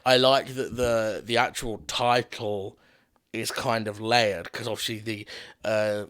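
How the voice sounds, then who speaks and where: A man's voice: lowish voice, little pitch movement, takes it slowly, fairly bright tone. A man with a Northern English accent co-hosting a film podcast, chatting casually and backing up his points with bits of trivia.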